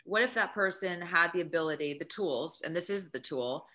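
A woman's voice: on the low side, expressive, moderate pace, sharp tone. A woman guest author in a podcast interview, explaining earnestly and emphatically with examples.

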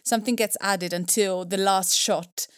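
A woman co-hosting a podcast in casual chat, chatty and animated, her pitch jumping up when she gets excited. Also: a little slow, dry recording, clean studio sound. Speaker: podcast co-host.

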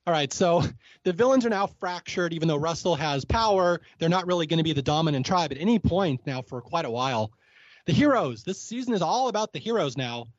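A man's voice: a little high, lively intonation, fairly quick, no room sound, muffled recording. A man hosting a podcast in a casual recap chat, chatty, laughing often and acting out quotes. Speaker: podcast host.

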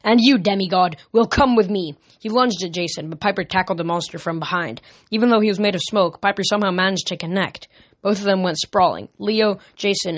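A woman with a slightly low voice reading a storybook aloud. She moves the story along steadily, stumbling now and then and correcting her words as she goes. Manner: reads with small slips and self-corrections. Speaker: reader. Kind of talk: amateur audiobook reading.

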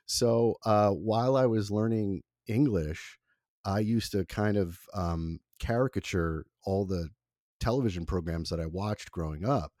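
Forties man, first language Italian; very low, mellow voice; rambling, self-deprecating storyteller. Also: unhurried, dry recording, clean studio sound. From Italy. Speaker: former college radio producer. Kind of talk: relaxed interview conversation.

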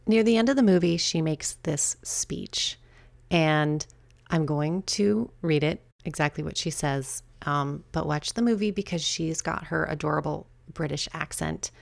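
A middle-aged woman hosting her own podcast, talking casually and chattily with quick asides and laughs at herself. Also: low voice, vocal fry, dry recording. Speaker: podcast host. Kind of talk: casual solo podcast talk.

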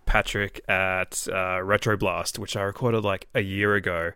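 A man, a podcast guest, chatting in a relaxed way and laughing often. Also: low-pitched, a little slow, clean tone, dry recording. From Australia. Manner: laid-back, laughs often. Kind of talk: casual podcast chat.

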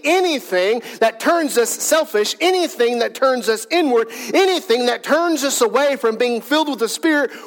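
A male pastor delivering a conversational sermon with a high-pitched voice. He builds his points through repeated phrases and rhetorical questions, and drops in dry humorous asides. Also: fairly bright tone, poor audio. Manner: repetitive emphatic lists.

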